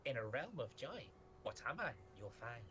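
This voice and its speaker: A man's voice: medium pitch, very animated, moderate pace, background noise, lightly acted. A man voicing a crowd of tall, bell-hatted creatures that love games, speaking in a playful, sing-songy whisper.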